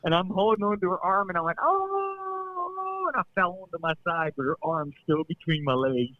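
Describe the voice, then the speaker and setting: A man's voice: on the high side, fast, no room sound, phone-quality sound. A man, a former wrestler, telling stories in a casual interview, acting out quotes and laughing often. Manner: animated storyteller, acts out quotes, laughs often.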